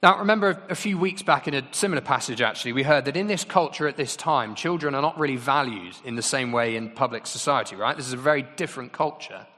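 Conversational preacher with a bright, forceful voice, ringing through a reverberant church hall. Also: male voice, mid-range voice, lively intonation, fast talker, hardly any pauses. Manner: conversational, asks the congregation questions. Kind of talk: sermon.

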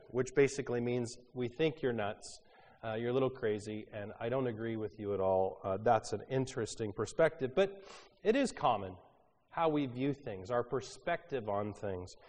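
A man preaching with a raspy voice roughened by a cold. He talks in a conversational way, with plenty of ums and uhs. His voice sits at an ordinary middle pitch and trails off into the long reverb of a large hall. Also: normal speed, darkish tone. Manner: conversational with frequent fillers. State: hoarse from a cold. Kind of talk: sermon.

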